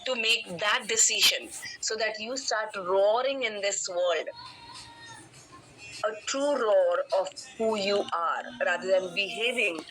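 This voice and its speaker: Motivational coach, woman, very bright tone, emphatic storyteller. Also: mid-range voice, poor audio. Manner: animated, emphatic, addresses listeners directly. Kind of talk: storytelling in an online session.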